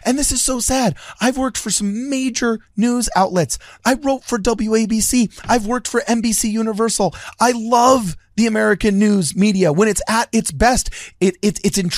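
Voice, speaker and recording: A man co-hosting a casual podcast, talking with lively energy and breaking into loud mock outbursts. His voice sits high, and the recording is dry and close with no room sound. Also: dry recording. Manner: animated, bursts into mock shouting. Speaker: podcast co-host. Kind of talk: casual chat.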